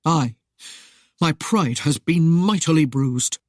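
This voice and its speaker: A woman's voice: sits low, slow, a little mellow, dry recording, clean studio sound. A woman doing a proud, indignant sea captain. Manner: stiff and indignant. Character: proud angry young sea captain, man.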